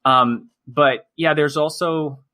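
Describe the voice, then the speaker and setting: A man's voice: fairly high pitch, steady tone, slow, sharp tone. A man co-hosting a podcast, talking in a chatty, explanatory way. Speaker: podcast co-host. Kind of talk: casual discussion.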